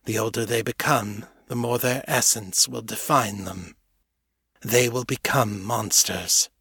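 An ancient male skunk mage, voiced by an audiobook narrator, speaking in a flat, unchanging tone of cool detachment. The delivery is slow and husky, set close in a dry sound. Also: fairly low pitch, dry recording, full character voice. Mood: detached.

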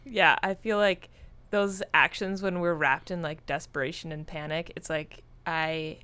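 A woman with a somewhat low voice talks in a casual conversation. She is reflective and asks follow-up questions. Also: steady tone, a little slow, bright, forceful tone, clean tone. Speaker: conversation partner.

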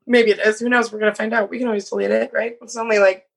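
A woman in her thirties co-hosts a casual chat, giggling as she retells a story about messages and reads them aloud with frequent fillers and lots of laughter. She speaks fast in a slightly high, flat, gravelly voice that's a bit rough. The recording quality is low.

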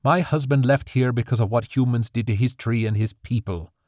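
A man's voice: mid-range voice, a little fast, a little mellow, dry recording, clean studio sound, pitched above the performer's own voice, lightly acted. A man doing a firm, protective fairy mother. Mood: stern.

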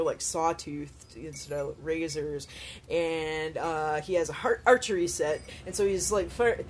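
A woman's voice: low-pitched, a little hiss or hum. A woman chatting casually about a movie, rambling with fillers and amused asides, sounding tired. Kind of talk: casual film chat.

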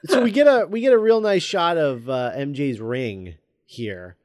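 A man co-hosting a casual movie commentary podcast, hesitant with many pauses and restarts. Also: on the high side, expressive, darkish tone, no room sound. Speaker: podcast co-host.

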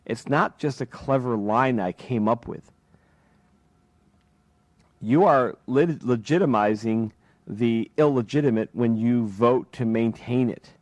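A man's voice: mid-range voice, takes it slowly, a little mellow, no echo. A man hosting a talk radio show, delivering an impassioned political monologue full of rhetorical questions from a studio microphone.

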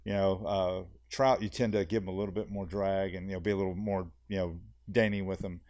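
A man, a fishing guide, telling a long story on a podcast in a rambling, animated way, full of fillers and repeats. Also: sits low, a little fast, no room sound. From South Texas. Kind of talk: casual storytelling.

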